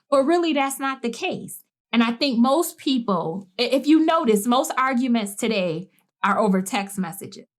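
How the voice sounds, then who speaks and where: A woman on a podcast telling a story with emphatic, animated delivery, acting out quoted lines in casual chat. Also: a little high. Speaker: podcast co-host.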